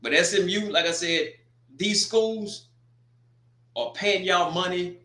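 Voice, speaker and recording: A man giving a casual, animated football score recap, joking and exclaiming as he goes. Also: high-pitched, takes it slowly, roomy sound. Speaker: sports commentator.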